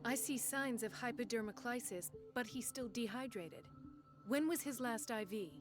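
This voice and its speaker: For a video game, an actress performs the lines of a determined young female doctor, principled and blunt, in an earnest, firm manner. Her fairly high voice moves at normal speed over music and sounds close to everyday speech.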